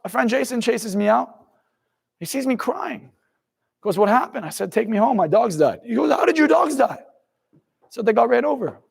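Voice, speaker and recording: A man's voice: very high voice, lively intonation, normal speed, creaky, husky, in a large hall. A man giving a motivational talk, telling a personal story with animation and acting out his own past words. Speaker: motivational speaker.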